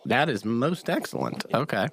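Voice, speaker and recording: A man's voice: mid-range voice, big pitch swings, normal speed, gravelly, a bit bright, husky, no room sound. Hesitant man playing a tabletop game. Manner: hesitant, unsure. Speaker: player. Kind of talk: casual tabletop game chat.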